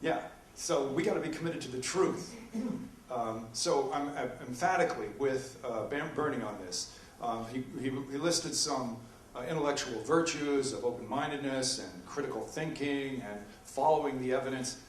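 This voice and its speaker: A man gives a debate talk with many ums and uhs. He sounds distant from the mic, and his voice echoes around a roomy hall. His pitch sits in the middle, with faint noise underneath. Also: moderate pace. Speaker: philosophy professor in a debate. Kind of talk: public debate presentation. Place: university lecture room. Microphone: distant from the microphone. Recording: echoey room recorded from afar.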